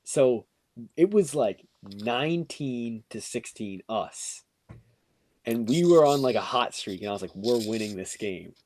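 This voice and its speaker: A young man casually telling a funny story on a podcast, acting out quotes and using lots of fillers. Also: a little slow. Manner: animated, acts out quotes with rising pitch, filler-heavy "like".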